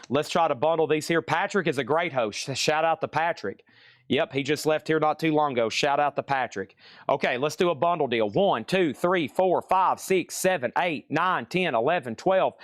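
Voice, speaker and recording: A man hosts a live-streamed record sale, calling out bids and prices with a playful, joking patter. His voice sits fairly high and sounds dry and close to the mic. He repeats items and prices for emphasis. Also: no echo.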